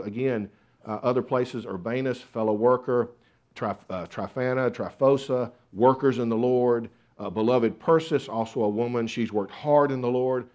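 A man's voice: mid-range voice, darkish tone. A man preaching a sermon, earnest, with repeated rhetorical questions. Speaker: pastor.

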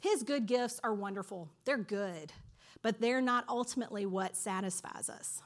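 A woman teaching from a Bible passage in a lively, conversational storytelling manner. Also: mid-range voice, normal speed.

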